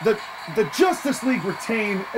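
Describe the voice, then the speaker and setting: Excitable wrestling commentator over background noise. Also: mid-range voice, moderate pace. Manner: excitable, laughs often, openly partisan.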